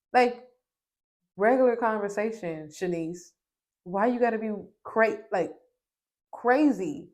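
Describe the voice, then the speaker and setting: A woman's voice: fairly high pitch, lively intonation, unhurried. A young woman giving a casual, sassy recap of a reality TV episode, speaking with emphasis and addressing the cast directly. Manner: sassy, emphatic, talks to the screen. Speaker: reality TV reviewer.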